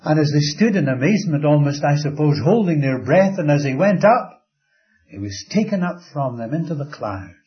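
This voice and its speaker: An older man preaching a sermon, telling stories slowly and dramatically, dropping to a soft hush at times. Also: a little high, animated. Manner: slow, dramatic storytelling with soft drops to a hush. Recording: slightly dull lo-fi recording.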